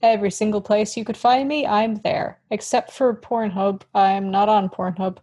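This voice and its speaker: A woman's voice: mid-range voice, steady tone, moderate pace, warm tone, slight background noise. A young woman co-hosting a podcast, chatting casually in a giggly, rambling, self-mocking way, wired on coffee. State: caffeinated. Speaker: podcast co-host. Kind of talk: casual chat.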